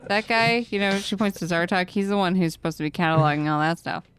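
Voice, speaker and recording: A woman's voice: lowish voice, steady tone, fast talker, background noise. A woman playing a tabletop game, chatting about her character with frequent giggles. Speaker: player.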